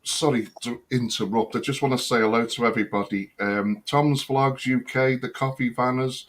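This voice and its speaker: A man's voice: medium pitch, steady tone, normal speed, fairly bright tone. A man co-hosting a casual live-stream chat, jokey and chatty, reading out viewers' comments. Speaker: co-host of a live chat show. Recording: faint background noise.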